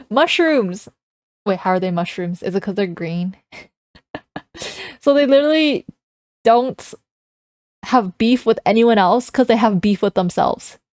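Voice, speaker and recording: A woman's voice: medium pitch, expressive, slow, pauses often, darkish tone, dry recording, studio quality. A young woman streamer chatting casually as she reacts to a video, teasing and laughing often.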